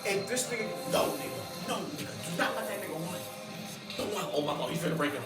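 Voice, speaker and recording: A man reacting live to an episode, with loud excited outbursts and heavy profane slang. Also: sits high, fast talker. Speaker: reaction video host. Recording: roomy, distant mic, show audio behind. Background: episode audio and music playing.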